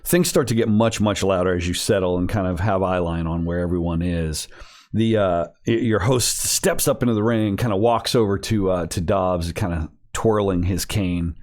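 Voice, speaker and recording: A man's voice: sits low, normal speed, a little mellow. A man running a tabletop game over an online call, narrating casually with many fillers and restarts. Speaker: game master.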